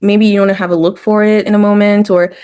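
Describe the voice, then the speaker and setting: Woman explaining therapy in steady tones. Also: mid-range voice, fast, clean tone. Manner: explains in numbered points, acts out small quoted voices. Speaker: therapist guest. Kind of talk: educational discussion.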